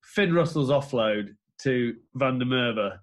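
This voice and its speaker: A man's voice: mid-range voice, expressive, slow pace. A man co-hosting a podcast who talks through rugby plays in detail in casual chat. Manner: detailed play-by-play analysis. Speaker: podcast co-host.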